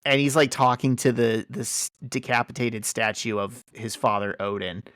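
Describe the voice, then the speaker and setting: A man hosting a casual podcast chat, retelling a story with lively energy and plenty of fillers. His voice sits at an ordinary middle pitch. It is recorded close and dry, with no room sound. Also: normal speed, no room sound. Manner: animated storytelling with many fillers. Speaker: podcast host. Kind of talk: casual chat recapping a comic.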